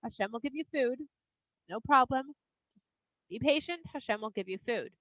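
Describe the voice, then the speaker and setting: A woman playing a calm, patient leader. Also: high voice, normal speed, no echo, lo-fi sound. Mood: reassuring. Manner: soothing, explaining patiently. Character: patient, reassuring male leader, calm and steady.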